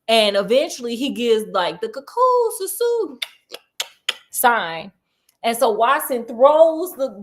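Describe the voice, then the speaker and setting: A young woman casually retelling a classic detective story, animated and slangy, laughing often. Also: on the high side. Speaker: podcast storyteller.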